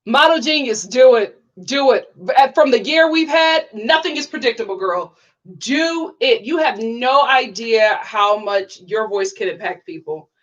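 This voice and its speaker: A young woman hosting a casual livestream, chatty and bubbly, full of "like" fillers and sudden excited high exclamations. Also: a little slow, lo-fi sound. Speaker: YouTube reality-TV reviewer reading live chat.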